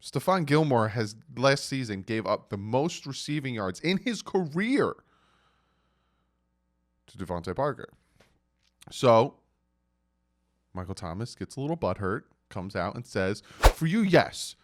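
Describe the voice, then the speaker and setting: A man from the United States riffing on a sports feud in a casual vlog. His pitch swings widely as he mocks and reads out quotes with heavy emphasis. He sits at a middle pitch for a man. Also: big pitch swings, measured pace, long pauses. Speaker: sports commentary vlogger.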